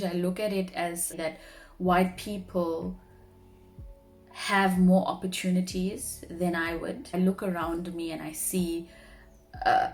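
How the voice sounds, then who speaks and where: A woman's voice: on the low side, darkish tone. A young woman speaking earnestly to camera in a personal vlog, sharing heartfelt reflections. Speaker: vlogger; marketing professional.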